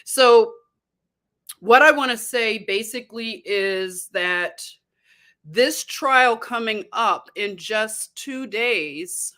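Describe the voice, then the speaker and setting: Bright, chatty woman livestream host. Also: a little high, slow. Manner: chatty and excitable, often laughing. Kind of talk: casual livestream chat reading viewer comments.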